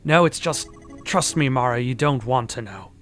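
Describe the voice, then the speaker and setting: A man's voice: medium pitch, animated, moderate pace, fairly bright tone, lightly acted. A sour, unhelpful caretaker speaks with a broad, exaggerated Australian accent, as a man puts him on. He talks in short, dismissive lines for a video game scene, with faint music behind him. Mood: curt. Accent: exaggerated bad Australian accent. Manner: curt, dismissive. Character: grumpy unhelpful male caretaker.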